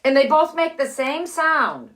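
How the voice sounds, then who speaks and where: An older woman with six grandchildren, teaching letter sounds to children in a slow, cheerful, encouraging way from her living room. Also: high-pitched, big pitch swings, fairly bright tone. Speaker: children's story host. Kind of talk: phonics lesson and read-aloud for children.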